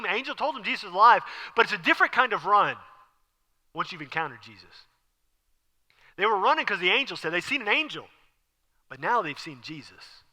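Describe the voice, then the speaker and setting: A man preaching an animated sermon as pastor, acting out scenes with sudden whispers and exclamations. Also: on the high side. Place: church sanctuary. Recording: church hall with long reverb.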